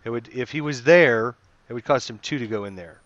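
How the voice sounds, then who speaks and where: A man at a middle pitch runs an online tabletop game as the dungeon master. He explains the rules patiently, with fillers and restarts. His voice comes through dull and lo-fi, with a dry, close sound. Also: fairly quick, fairly bright tone, no echo.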